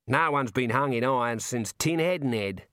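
A man voicing a cheerful, chatty prison warder, talking in a folksy, drawn-out way. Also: medium pitch, a bit bright, no echo, clean studio sound, close to an everyday voice. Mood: cheerfully grim. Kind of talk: audiobook character voice.

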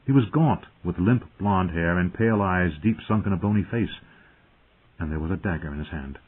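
A man narrates an audiobook in a measured, dramatic way. His voice sits low and sounds husky. The recording is thin and tinny, like a phone line.

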